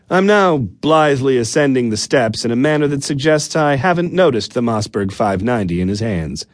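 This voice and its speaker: A man narrates a comic first-person audiobook, wry and sardonic. His pitch rises and falls with lively animation. The studio sound is close and dry, with no room tone. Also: no echo.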